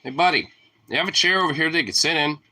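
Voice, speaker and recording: A young man rambling casually to his dog at home, profane and teasing, jumping into a high squeaky voice to call the pet. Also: fast, sharp tone. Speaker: vlogger talking to his dog. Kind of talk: casual chat.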